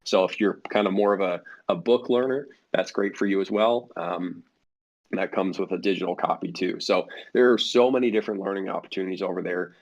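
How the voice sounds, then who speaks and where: A man's voice: deep voice, fairly quick. A man speaking as a guest for a flight sim network in a casual podcast interview, rambling with many fillers and restarts. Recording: dull lo-fi audio.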